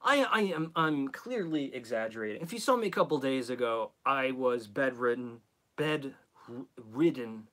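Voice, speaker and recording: A man's voice: medium pitch, fairly bright tone. A man with a head cold, hosting a live stream in a rambling, self-mocking, chatty way. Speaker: host.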